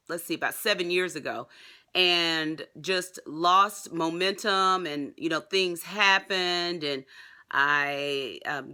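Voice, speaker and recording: In her casual vlog, a woman with a drawl talks eagerly to her audience, addressing them as y'all again and again. Her voice sits low and smooth yet comes across very bright and forward. She speaks loosely and chattily, dropping fillers as she goes.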